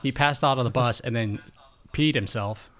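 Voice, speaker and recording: A man's voice: medium pitch, moderate pace, a bit bright. Laid-back man, chatty podcast guest. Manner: loose, laughing, full of "like" fillers. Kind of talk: casual chat. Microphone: video call.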